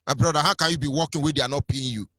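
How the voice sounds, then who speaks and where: A man's voice: on the high side, steady tone, racing, a bit bright, no room sound. A Nigerian man with a Nigerian accent giving an impassioned political radio talk, mocking and sing-song, his voice swinging between rises and drops. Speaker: radio commentator.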